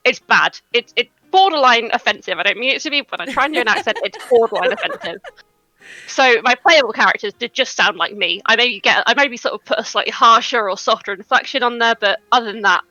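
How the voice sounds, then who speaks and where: A woman's voice: fairly high pitch, lively intonation, fast, bright, forceful tone, low-quality recording. A woman game master chatting on a panel, self-deprecating and laughing often. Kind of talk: casual panel chat.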